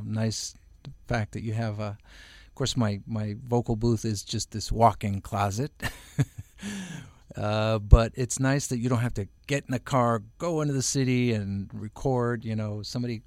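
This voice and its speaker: In a relaxed interview from his home, a middle-aged voice-over artist talks in a rambling way with many fillers and restarts. His medium-pitched voice is a little mellow, and there is no echo.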